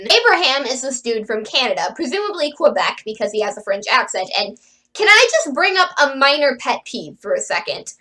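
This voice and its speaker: A woman with a high, bright voice reviews books in a casual video, talking in a chatty, opinionated way. Her tone is sarcastic. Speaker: book reviewer.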